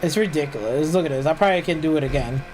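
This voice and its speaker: A man's voice: a little high, racing, darkish tone, rough recording. Guy ranting over gameplay, swears nonstop, rambly, slight background noise. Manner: profane, ranting, complaining; loose, filler-heavy, restarts. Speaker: gaming streamer. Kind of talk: live gameplay commentary.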